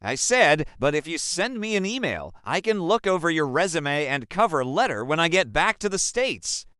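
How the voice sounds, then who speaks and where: A young man from Africa tells a personal story in a high, bright voice that swings widely in pitch. He speaks slowly and with emphasis. The sound is dry and close. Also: sing-song, smooth, no echo. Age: young adult. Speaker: narrator.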